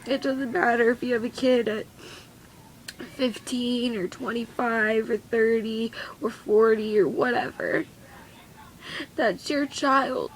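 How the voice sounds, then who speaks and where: A teenage girl crying as she talks in a confessional vlog, her voice breaking and halting. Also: on the high side, fairly even intonation, a little hiss or hum, poor audio. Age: teens. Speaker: vlogger.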